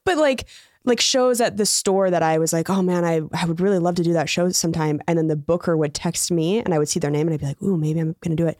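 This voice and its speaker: Female comedian guest, low voice, animated storyteller, dry studio sound. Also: fast, no room sound. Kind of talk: casual chat.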